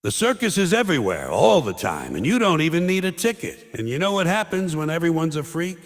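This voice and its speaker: A man's voice: fairly high pitch, very animated, brisk. An older man delivering a sardonic stand-up monologue, mocking and ranting in punchy short lines. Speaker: stand-up comedian. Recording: long hall reverb.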